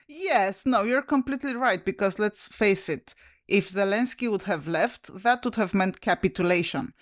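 A woman's voice: medium pitch, normal speed, dry recording, clean studio sound. A woman co-hosting a podcast, talking about politics with passion and strong emotion. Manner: impassioned, emotional. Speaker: podcast co-host. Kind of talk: casual political discussion.

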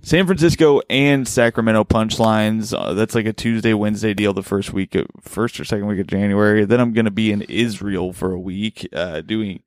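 Low-voiced man hosting a loose chat. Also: steady tone, normal speed, few pauses, no echo, studio quality. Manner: loose, rambling, swears often. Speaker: podcast host. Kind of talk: casual chat.

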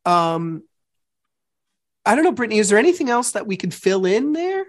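A woman's voice: mid-range voice, moderate pace, dry recording, clean studio sound. A woman hosting a podcast, talking casually and animatedly, swearing freely as she recounts events. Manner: animated, swears freely, acts out arguments in quotes. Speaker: podcast host. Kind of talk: casual recap conversation.

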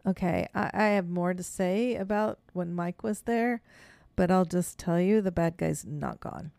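On a podcast, a female co-host tells a story in casual conversation, laughing often and acting out what people said with animated energy. Her low-leaning voice is creaky and comes a little slowly, with no echo.

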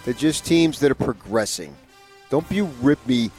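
A man's voice: medium pitch, animated, moderate pace, darkish tone, breathy edge, soft background music. A man co-hosting a sports radio show, joking around with playful boasts. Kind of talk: casual sports radio banter.

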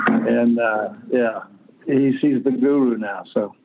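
Slow and gravelly at a medium pitch, this sixty-something ex-quarterback tells blunt, profane stories on an interview show, performing the quotes himself. The phone-like recording carries a little hiss or hum.

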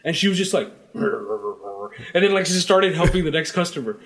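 High-voiced male co-host, big swooping delivery, swears freely while ranting. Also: normal speed. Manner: animated, profane ranting storyteller. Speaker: podcast co-host. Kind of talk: casual chat.

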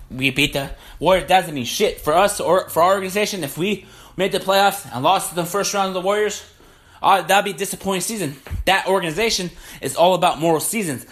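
A young man with a slightly high voice rants on his sports podcast, heated and profane, hammering the same points over and over. He talks straight to his listeners in a loose, unscripted monologue. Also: fairly bright tone. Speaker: podcast host.

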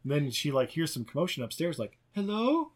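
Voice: medium pitch, very animated, brisk. A podcast co-host recapping a movie in casual chat, rambling and profane, often laughing and acting out characters.

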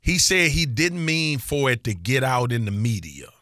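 A man co-hosting a podcast, talking casual sports in an animated, joking, slangy way. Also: medium pitch, moderate pace, dry recording, clean studio sound. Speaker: podcast co-host.

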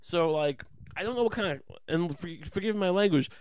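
A man's voice: high voice, lively intonation, brisk, darkish tone, clear, resonant tone, no echo. A man delivering a heated, profane rant, often mocking others in sarcastic voices. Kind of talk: ranting monologue.

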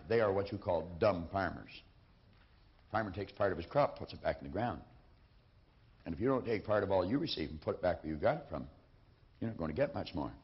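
A man giving a motivational lecture from a lectern, speaking emphatically and repeating his key phrases. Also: on the low side. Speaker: seminar speaker. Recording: dull lo-fi recording.

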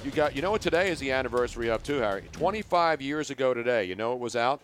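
A man's voice: mid-range voice, lively intonation, fast talker, soft background music. An older man hosting a sports radio show, chatting casually with a joking, teasing manner. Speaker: radio host.

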